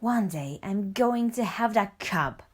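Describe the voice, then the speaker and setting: A woman voicing a greedy, menacing male tiger in a storybook, speaking slowly and demandingly. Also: lowish voice, expressive. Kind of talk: storybook reading.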